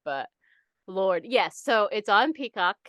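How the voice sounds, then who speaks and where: A young adult woman co-hosting a podcast in casual chat, animated and swearing, acting out people's reactions. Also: medium pitch, slow, dry recording, studio quality. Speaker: podcast co-host.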